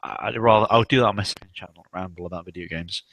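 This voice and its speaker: Brief: young man, low voice, dry close mic, loose sweary rambling host. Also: fast talker, fairly bright tone, no room sound. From South West England. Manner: rambling and sweary, many fillers. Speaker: stream host. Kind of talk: casual livestream chat.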